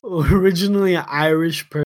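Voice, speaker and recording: A man co-hosting a podcast, improvising a rambling comic story, laughing often and slipping into quick silly impressions. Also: on the high side, dry recording. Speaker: podcast co-host.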